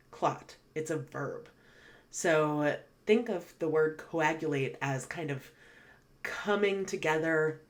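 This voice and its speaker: A woman teaching an online English vocabulary lesson, explaining words patiently and reading example sentences slowly and clearly. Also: deep voice.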